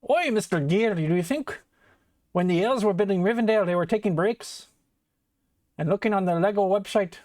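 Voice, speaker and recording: Man playing a hobbit gardener, put-on Scottish lilt, earnest pep talk, high eager voice, dry sound. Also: moderate pace, a little mellow, dry recording, natural voice. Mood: earnest urging. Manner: pleading, encouraging pep talk.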